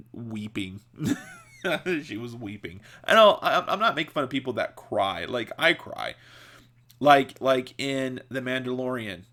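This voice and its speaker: Slow, rambling man who laughs a lot. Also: mid-range voice, a bit bright. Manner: rambling, laughs often, many restarts and "like" fillers. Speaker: podcast host. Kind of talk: casual storytelling chat.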